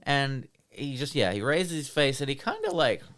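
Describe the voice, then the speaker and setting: A man with an Australian accent, a podcast co-host casually recapping a TV episode with relaxed pauses. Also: medium pitch.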